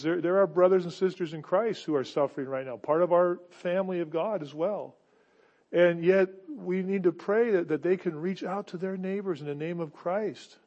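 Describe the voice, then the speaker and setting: A man's voice: high voice, darkish tone, dull audio. A man preaching a sermon as pastor, earnest, often stumbling over repeated words, then rising into emphatic exhortation.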